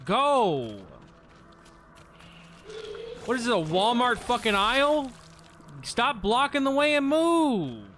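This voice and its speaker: A man streaming a horror game, yelling and swearing in exasperation at an enemy that blocks his way, then laughing it off. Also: extremely high pitch, sing-song, slow pace, pauses often, a little hiss or hum. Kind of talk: casual gameplay commentary.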